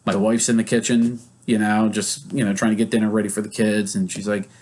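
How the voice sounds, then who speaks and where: A man's voice: fairly low pitch, little pitch movement, brisk, darkish tone, a little hiss or hum. Man teaching in a casual, conversational way. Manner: acts out example scenes in quoted voices; conversational, with many fillers. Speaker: psychologist leading therapy groups.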